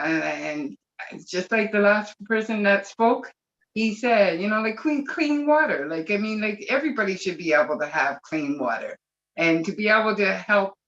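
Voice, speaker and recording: A woman's voice: fairly low pitch, a bit bright. Webinar guest, woman, gushing and emotional; dull lo-fi call audio. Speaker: webinar participant. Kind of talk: emotional video-call testimony. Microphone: video call.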